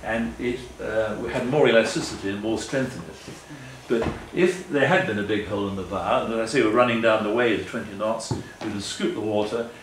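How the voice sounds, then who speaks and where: An older man with a fairly low voice speaks earnestly to an audience. He rambles and corrects himself as he goes, and his voice carries an echo in the room with faint ambient noise behind it. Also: moderate pace, hardly any pauses, far from the mic. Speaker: guest speaker. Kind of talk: public talk with slides. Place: meeting hall.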